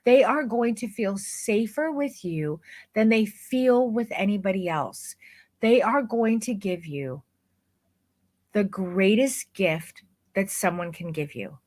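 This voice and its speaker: A woman's voice: medium pitch, slow. A woman teaching boudoir photography, coaxing and directing poses, then talking emphatically and swearing freely. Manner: energetic, coaxing, profane, emphatic. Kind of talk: online course, live demonstration of posing.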